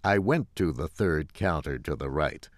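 A man narrating a story slowly and clearly for English learners, in a measured, carefully enunciated way. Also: rumbling low, expressive, no room sound, clean studio sound.

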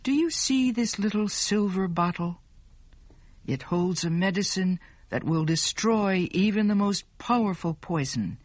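A woman reading the lines of a calm old male professor in a slow, steady, reassuring way. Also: mid-range voice, dry recording. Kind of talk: storybook narration.

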